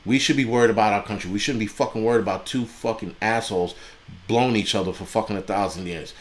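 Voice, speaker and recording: A man's voice: on the low side, fast talker. A man hosting a livestream, ranting angrily and bluntly with heavy profanity and mocking asides. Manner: angry, blunt and heavily profane, mocking voices in quotes. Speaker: livestream host. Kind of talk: profane political rant on a livestream.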